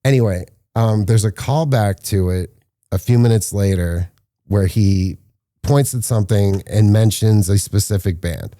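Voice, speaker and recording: Brief: male filmmaker guest, low dark voice, lively storyteller acting out quotes, dry close mic. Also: unhurried, no room sound. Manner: animated storyteller, acts out quotes with rising pitch. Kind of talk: casual podcast interview storytelling.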